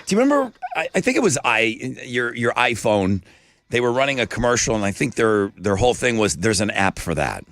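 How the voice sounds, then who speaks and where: A man's voice: medium pitch, sing-song, brisk, fairly bright tone. Radio morning guy, bouncy up and down voice, rambly and joking with callers. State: slightly out of breath. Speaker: radio morning show host. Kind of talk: casual radio chat.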